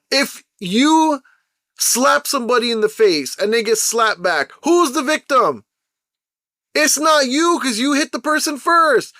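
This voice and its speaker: Animated, bright-voiced man ranting. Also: sits high, dry recording, studio quality. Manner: animated, irritated storytelling with slang. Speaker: podcast host. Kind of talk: casual monologue rant.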